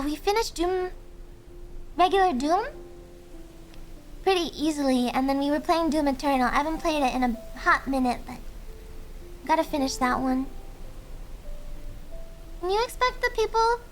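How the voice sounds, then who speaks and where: Giggly high-voiced young woman streamer. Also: slight background noise. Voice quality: high voice, speaking softly. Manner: giggly, chatty, reads chat aloud. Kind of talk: casual chat with viewers. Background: faint background music.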